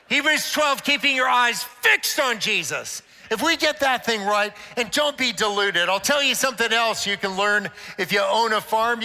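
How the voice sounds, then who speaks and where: Speaking from a conference stage, an older man entertains and inspires church leaders, a joking storyteller with a playful streak. His extremely high voice sounds bright and forceful, echoing through the large hall.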